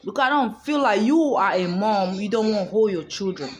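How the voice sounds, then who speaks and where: A woman's voice: medium pitch, animated, a little fast. Outspoken woman vlogger, emphatic. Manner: emphatic and outspoken, swears freely. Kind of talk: casual storytelling monologue. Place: hotel room.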